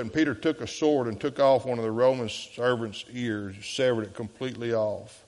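A pastor preaching a sermon, swinging between loud, emphatic bursts and soft, low passages. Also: male voice, steady tone, normal speed. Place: church sanctuary. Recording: echoey church sanctuary.

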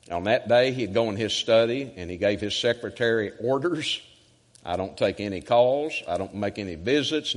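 A male evangelist preaching a sermon emphatically and rhythmically, swinging from loud to hushed. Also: lowish voice. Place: church sanctuary. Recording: church sanctuary with long reverb.

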